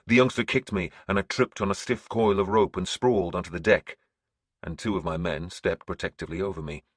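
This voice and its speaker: Male audiobook narrator, grim and measured, very dry studio sound. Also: low-pitched, fairly even intonation, slightly rough, no echo.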